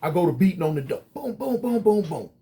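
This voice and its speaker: Guy with a pretty high voice telling a story to the camera, slangy and animated, talks right at viewers. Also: quick pace. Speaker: storyteller recounting prison life.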